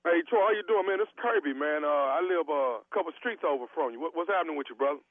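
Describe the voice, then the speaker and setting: A man's voice: fairly high pitch, fast talker, lightly acted. A man playing a chatty male neighbor on a prank phone call, rambling and stumbling over names. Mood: friendly pitch. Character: chatty male neighbor inviting folks to a fight party. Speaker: prank caller. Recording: tinny phone line.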